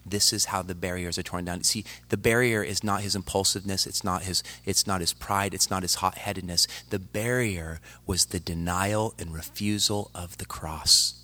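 A male preacher delivering a dramatic sermon that swings from loud to hushed and speaks straight to the congregation. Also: deep voice, steady tone, moderate pace, hardly any pauses. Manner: addresses the congregation directly.

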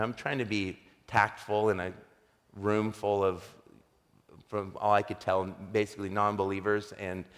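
This middle-aged pastor speaks at a medium pitch with a slightly bright tone, delivering his sermon as a personal story. Humorous and conversational at first, he becomes more emphatic the more he preaches, all carried on the long echo of a big hall.

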